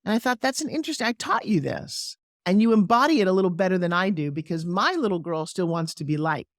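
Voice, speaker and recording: A middle-aged woman, a sales coach, talking energetically in an interview and slipping into persuasive pitching, with acted-out quotes. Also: lively intonation, fairly quick, dry recording, studio quality. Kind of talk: energetic interview talk with live product pitch.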